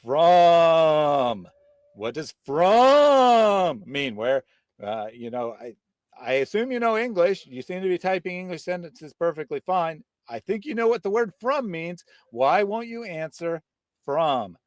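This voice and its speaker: A man's voice: high-pitched, expressive, normal speed, dry recording. Combative man hosting live debate stream. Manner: combative, mocking, sarcastic. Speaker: host. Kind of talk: live-stream debate chat, reading viewer comments.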